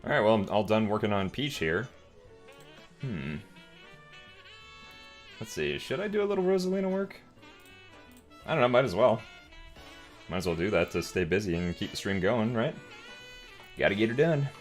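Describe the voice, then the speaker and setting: A man chats casually on a live stream, wandering through his thoughts with many fillers. His voice sits low. Faint music plays under his talk. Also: big pitch swings, normal speed, long pauses. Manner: rambling, filler-heavy and laughing often. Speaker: streamer and voice actor.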